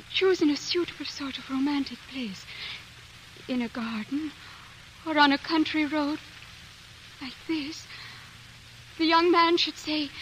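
A coy young lass. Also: female voice, sits high, bright, forceful tone, slight background noise, low-quality recording. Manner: coy, playful. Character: playful young Irish woman. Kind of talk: 1940s radio acting.

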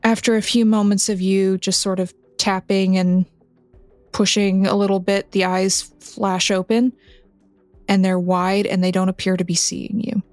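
A woman narrating a tabletop game as game master, in a measured, descriptive way. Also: medium pitch, little pitch movement, darkish tone, no echo, faint music behind.

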